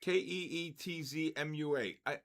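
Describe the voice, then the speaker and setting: Excitable older man with a gravelly voice. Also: on the high side, moderate pace. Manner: excitable, calls out chat names. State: voice worn out. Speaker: trading livestream host. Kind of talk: live trading stream chat.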